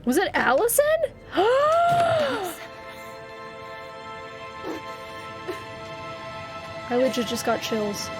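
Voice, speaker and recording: A woman streaming a game and reacting out loud in a high, bright voice, quick to swear and to laugh. Game music plays clearly underneath her commentary. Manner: expressive, swears, laughs often. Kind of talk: live gameplay commentary.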